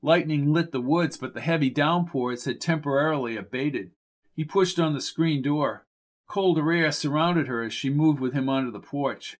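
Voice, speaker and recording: Male audiobook narrator, slightly high voice, steady measured reading. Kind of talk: scripted narration.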